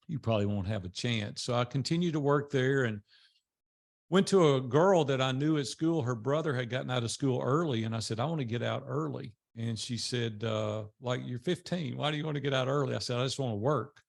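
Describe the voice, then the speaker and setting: A man's voice: medium pitch, fairly quick, vocal fry. An older man from Nashville with a Southern Tennessee drawl, telling his life story in a folksy, motivational guest talk. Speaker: guest speaker.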